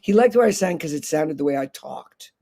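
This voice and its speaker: Male guest, gravelly and mellow, dry understated answers. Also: a little high, lively intonation, brisk. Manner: dry, understated, short replies. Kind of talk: casual interview chat.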